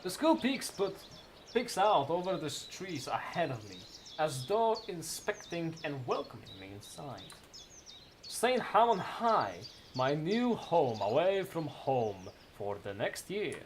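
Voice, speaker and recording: A man's voice: fairly high pitch, sing-song, unhurried, a little hiss or hum. A man with a noticeable foreign accent and a hard R, rambling and self-mocking as he plays a game and reads its text aloud. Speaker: gamer. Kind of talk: casual let's-play chat and reading game text aloud.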